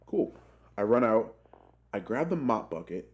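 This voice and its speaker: A young man in his twenties telling a rambling, profane work story in a casual, animated way, full of filler words. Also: on the low side, a little slow. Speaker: gaming channel host telling a story.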